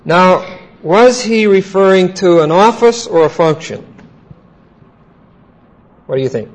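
A man's voice: high voice, lively intonation, rough recording. Man teaching a Bible class. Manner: asks the class questions and repeats key points slowly.

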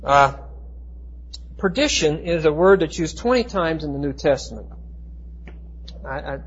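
A man teaching a Bible class, explaining Greek words with emphatic, slowed stress and frequent restarts. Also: a little high, breathy edge. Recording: dull lo-fi recording.

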